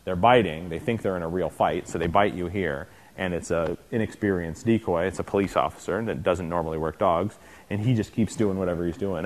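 A man's voice: sits low, fairly quick, a little mellow, slight background noise. A man teaching a clinic for dog trainers, talking conversationally, often checking in with the class and acting out scenes. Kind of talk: informal lecture to trainees.

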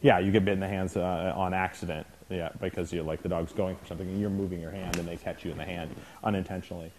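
A man with a very low voice giving an informal lecture to dog trainers at a training clinic. He keeps it conversational, checking in with the class and acting out what he describes, over a faint hiss of noise. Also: level tone, quick pace, a little mellow. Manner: conversational, often checking in with the class, acts out scenes.

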